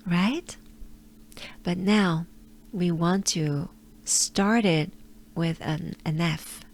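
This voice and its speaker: Woman coach from France, French accent, very slow and patient, a little low-pitched, for pronunciation drills. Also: darkish tone. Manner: patient, drills sounds with repetition.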